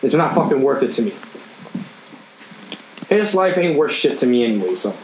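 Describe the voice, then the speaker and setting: A man's voice: medium pitch, sing-song, normal speed. A young man and factory worker in casual chat, blunt and heated, swearing constantly. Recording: roomy sound with faint noise.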